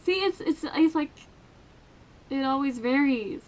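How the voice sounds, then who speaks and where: A woman's voice: sits high, expressive, measured pace, a little mellow. A young woman from Sweden with a Swedish accent, chatting casually to camera in a crude, self-mocking, playful way. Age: young adult. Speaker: vlogger. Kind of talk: casual vlog chat. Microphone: headphones with desk mic.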